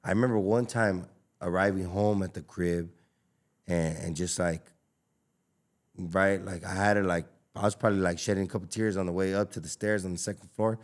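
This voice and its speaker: Recounting his story on a podcast, a taco shop owner from Los Angeles, USA, speaks at a moderate pace in a low, steady voice. His casual storytelling is emphatic and slangy, packed with fillers and repeats.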